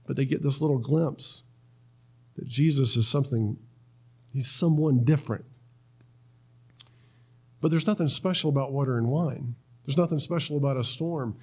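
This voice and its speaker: A male pastor delivers a sermon in a relaxed, talky way. His voice sits a little high, and he keeps checking in with "right?" and restarting his words. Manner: conversational, repeats words, asks "right?" often.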